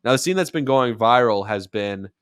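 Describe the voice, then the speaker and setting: Animated man in casual sports commentary. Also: mid-range voice, moderate pace, clean tone, dry recording, studio quality. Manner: animated, rising to near-shouts when acting out quotes. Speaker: podcast host and sports radio commentator.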